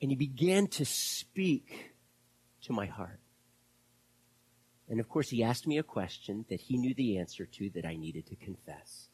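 A man preaching a sermon as pastor, impassioned and then dropping to hushed, whispered prayer. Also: medium pitch, expressive, unhurried, slightly rough.

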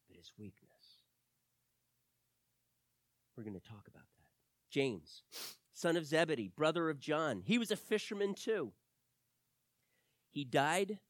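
A man delivers a sermon as an animated storyteller. His voice swings from loud emphasis down to near-whispers. The sound is dry and close, with no room around it. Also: medium pitch, no echo. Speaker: preacher.

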